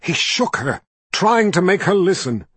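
A man narrating a fantasy novel as an audiobook, telling the story in a measured, steady way. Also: sits high, breathy edge, no echo.

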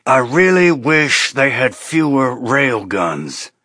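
A man's voice: a little high, expressive, moderate pace, a bit bright, dry recording, studio quality, voice pushed up. A man voicing a male starship pilot who talks tersely under strain.

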